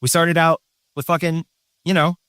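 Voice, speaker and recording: A man's voice: fairly high pitch, flat delivery, moderate pace, fairly bright tone, no room sound. Guy ranting hard at his viewers, lots of swearing, sarcastic, dry sound. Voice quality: profane, combative and sarcastic. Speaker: channel host. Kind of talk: ranting monologue.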